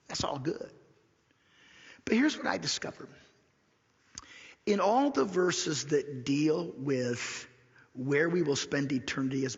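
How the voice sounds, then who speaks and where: Husky, gravelly-voiced pastor preaching. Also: male voice, fairly high pitch. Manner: repeats key lines slowly for emphasis, drops to a whisper. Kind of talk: sermon. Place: church sanctuary. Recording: dull lo-fi recording in a reverberant church hall.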